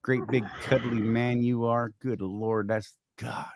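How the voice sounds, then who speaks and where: A man's voice: mid-range voice, level tone, takes it slowly, background noise. A man co-hosting a trucking livestream, joking and rambling in a casual chat while greeting viewers by name.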